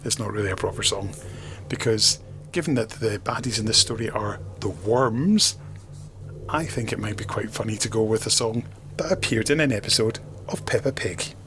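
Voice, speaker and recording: A man's voice: on the low side, noisy background. A man hosting a podcast, chatting in a wry, self-mocking way as he reads out listener reviews. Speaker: podcast host. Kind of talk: casual podcast chat, reading out listener reviews.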